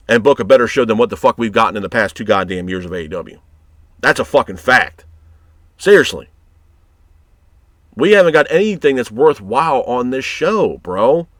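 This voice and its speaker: A man's voice: on the high side, fairly bright tone, no room sound, clean studio sound. A man reviewing a wrestling show in a heated, profane rant, exasperated and blunt. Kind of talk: ranting commentary.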